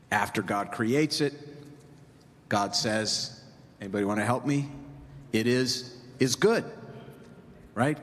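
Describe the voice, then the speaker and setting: Joking rabbi in a reverberant hall. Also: male voice, mid-range voice. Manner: conversational, joking storyteller. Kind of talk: sermon. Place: temple sanctuary. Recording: reverberant hall, faint ambience.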